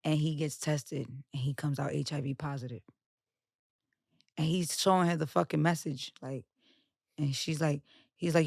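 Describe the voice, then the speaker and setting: New york girl talking blunt and profane on a podcast, raspy fry in her voice, dry sound. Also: sits low, moderate pace, pauses often, dry recording. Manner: blunt, profane, animated storytelling. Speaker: podcast guest. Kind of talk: casual podcast chat.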